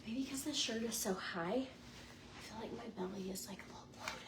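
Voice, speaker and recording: A woman's voice: fairly high pitch, normal speed. A woman in her forties chatting casually to camera as a lifestyle vlogger, bubbly and chatty with lots of likes and ums. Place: hotel room in Las Vegas. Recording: noticeable background noise.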